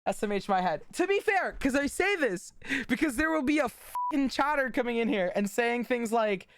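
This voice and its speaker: A woman with a fairly high, expressive voice livestreams at a moderate pace, chatting casually with her viewers. She's blunt, swears a lot, and rambles as she talks to chat.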